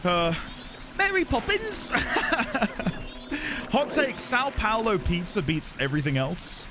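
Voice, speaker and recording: A British man streaming a video game, chatting casually with his viewers, quick to laugh and self-deprecating. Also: sits high, very animated, over music. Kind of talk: casual live-stream chat.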